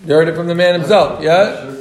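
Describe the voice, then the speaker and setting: A man with a high, light voice teaches a casual Talmud class, mixing joking banter with a rapid singsong study chant. The sound is roomy and echoey, like a classroom recording. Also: slight background noise. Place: classroom with students. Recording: echoey room.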